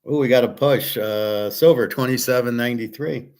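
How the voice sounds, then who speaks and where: A man with a medium-pitched, slightly mellow voice hosts a casual monologue at a moderate pace. He rambles through a story, restarting sentences and acting out quotes.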